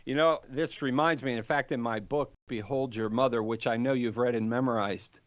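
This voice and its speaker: A man's voice: mid-range voice, moderate pace, dry recording, dull audio. An older man explaining Catholic teaching in a conversational podcast, telling stories with animation and acting out the people he quotes. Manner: animated storyteller, acts out quoted debaters. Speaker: Catholic apologist guest.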